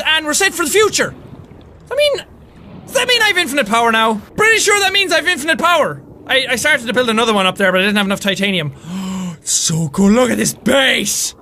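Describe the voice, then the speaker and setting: A young Irish man in his twenties giving loud, excitable let's-play commentary, swearing often and yelling with excitement. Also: very high voice, slight background noise. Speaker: gaming YouTuber.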